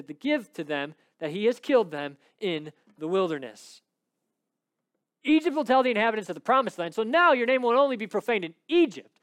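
A man preaching a sermon and reading scripture aloud. He rises high when he stresses a point, then drops low and quiet. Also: clean tone, no echo, studio quality.

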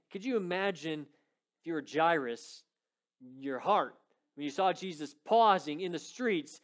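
A man with a high voice preaching to his church. He retells a story in an animated, conversational way, with frequent asides and voices for the people in it. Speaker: pastor. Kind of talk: sermon.

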